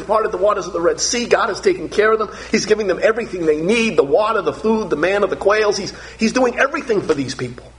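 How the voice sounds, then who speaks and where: An earnest male pastor preaching a sermon, pressing his points with emphasis and repeating words as he goes. His voice sits a bit high. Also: a bit bright.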